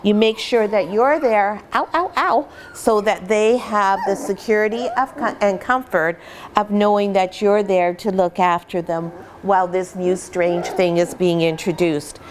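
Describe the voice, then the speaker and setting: A woman's voice: mid-range voice, fairly even intonation, unhurried, slight background noise. Patient middle-aged woman teaching puppy care. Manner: warm, patient explaining with playful voices. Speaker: puppy breeder. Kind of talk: instructional vlog talk. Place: indoors at home with puppies.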